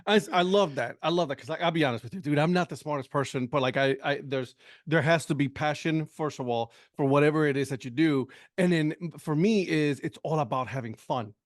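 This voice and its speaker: A man's voice: on the high side, fairly quick, no room sound, studio quality. A man hosting a podcast interview, laid-back and slangy with enthusiastic reactions. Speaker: podcast host.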